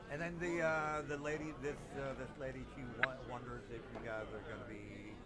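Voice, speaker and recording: A man narrating as game master in a tabletop game, rambling and halting with restarts. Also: medium pitch, fairly even intonation, a bit bright.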